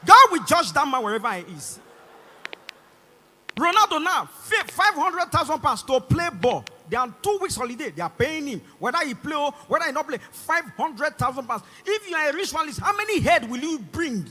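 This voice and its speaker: A young Nigerian man doing stand-up with a very high, bright voice that jumps all over the place. He performs animatedly into a handheld mic and slips into voices and shouts. Long concert hall reverb trails every line. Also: very animated, moderate pace. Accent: Nigerian English. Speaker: stand-up comedian. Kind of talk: stand-up comedy routine. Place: large concert hall stage.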